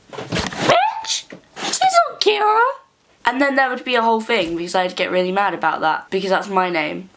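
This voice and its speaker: A woman's voice: medium pitch, fairly bright tone. A young woman talks to camera in a casual vlog with a sarcastic, dramatic edge. She rants about her own habits and blows small annoyances up into big complaints. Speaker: YouTuber.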